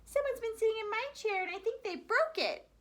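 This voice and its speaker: A woman's voice: very high-pitched, lively intonation, fairly quick, fairly bright tone, pitched above the performer's own voice. A woman voicing a small young male bear cub in a storybook tale, in a whiny, indignant way.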